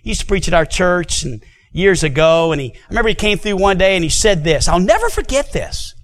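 High-voiced pastor telling a story. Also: male voice, very animated, a little fast. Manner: storytelling, repeats words at starts of phrases; drops low and quiet for solemn points. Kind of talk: sermon with personal stories.

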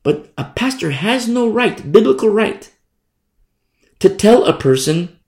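A man's voice: high voice, expressive, unhurried, a little mellow, reverberant. A man preaching a sermon as a pastor, emphatic and conversational, driving points home through repetition.

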